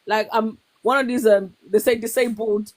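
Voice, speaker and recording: A young woman with a fairly high voice talks in a casual, lively way. She tells her own stories and acts out the voices of the people in them. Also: moderate pace. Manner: animated storytelling, acts out quoted voices. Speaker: guest. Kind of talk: casual chat.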